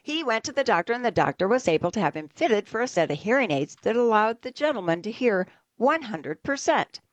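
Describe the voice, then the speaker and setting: A woman's voice: on the high side, big pitch swings, fairly quick, no room sound. A woman co-hosting a radio show, telling jokes and stories with a giggly, self-mocking manner.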